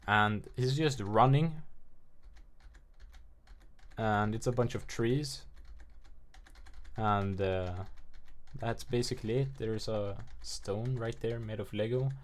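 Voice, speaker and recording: Brief: male commentator, mid-pitched voice, casual and rambling, self-deprecating, plenty of filler. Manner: rambling, offhand, self-mocking, heavy filler words. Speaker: gameplay trailer commentator.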